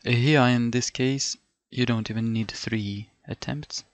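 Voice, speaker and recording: Speaking slowly in a mid-range voice with fairly even intonation, a middle-aged Ukrainian man tutors someone for a language test over a screen. He thinks aloud, repeats words, and fills the lesson with fillers and self-corrections, with no room sound audible.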